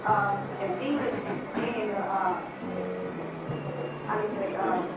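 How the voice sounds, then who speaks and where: A woman's voice: medium pitch, fairly even intonation, noisy background. A woman in the audience asking the speaker questions. She speaks hesitantly, breaking off often and filling gaps with "um" and "uh". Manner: hesitant, halting, many fillers. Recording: distant, echoey, dull lo-fi recording.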